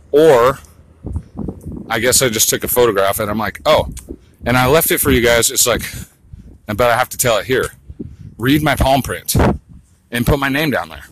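Rambling, crude man vlogging outdoors on a phone; mid-pitched voice, plenty of street noise behind. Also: expressive, normal speed, pauses often, fairly bright tone, poor audio. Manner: rambling, crude, muttering asides, sings snatches. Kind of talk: rambling monologue vlog.

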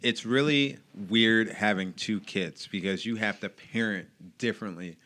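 Bright-voiced man telling animated stories. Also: on the low side, normal speed. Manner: animated storyteller acting out quoted voices. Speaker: guest. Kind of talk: casual podcast conversation.

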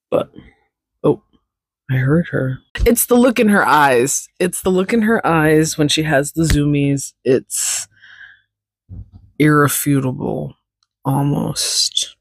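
A woman's voice: low-pitched, slow, creaky, pauses often, husky, dry recording. A woman hosting a casual solo podcast, rambling chattily and stopping to talk to her cat. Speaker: podcast host.

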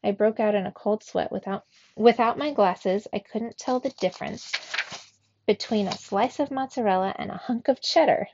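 A woman reading a children's storybook aloud in a slow, expressive way, as a teacher for young students. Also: mid-range voice, vocal fry, background noise. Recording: dull, dry recording.

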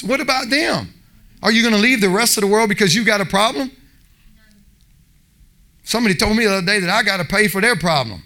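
A man preaches with fervor, his voice pitched notably high for a man. He swings between loud exhortation and quieter pleading, acting out short bits of dialogue along the way. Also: animated, brisk, pauses often. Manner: passionate, impassioned preaching with acted-out voices. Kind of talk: sermon.

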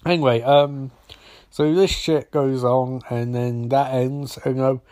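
A young man talks through a TV episode in a loose, unscripted ramble. He swears freely and wanders into jokey asides, and his voice sits at an ordinary middle pitch. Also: fairly even intonation, slow pace, a little mellow. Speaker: TV episode recapper. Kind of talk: casual episode recap.

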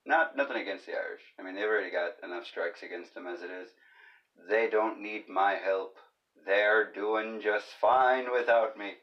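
A man's voice: fairly low pitch, steady tone, normal speed, lo-fi sound. A man hosting his own comedy podcast alone, rambling through jokes with profane, self-deprecating asides. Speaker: podcast host. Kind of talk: comedic solo podcast monologue.

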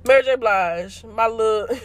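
A woman's voice: on the high side, unhurried. A young woman hosting a casual solo podcast, chatty and slangy, laughing and joking as she talks. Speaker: podcast host.

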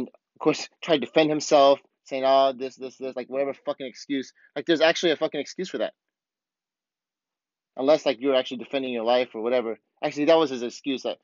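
Heated and swearing constantly, a podcast host rants bluntly through a casual monologue. His voice is mid-range, the recording has no room sound, and the highs are cut off.

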